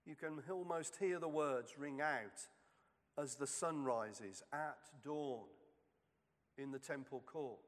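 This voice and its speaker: Man, sermon reflection, slow measured delivery, mid-pitched voice, reverberant space. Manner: slow, measured reading with long pauses. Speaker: preacher.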